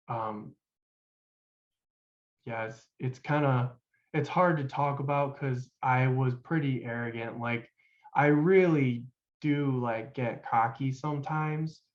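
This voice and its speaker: Young man telling his story, lo-fi. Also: mid-range voice. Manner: loose and halting, with many fillers. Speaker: guest. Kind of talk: casual storytelling. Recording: dull lo-fi sound.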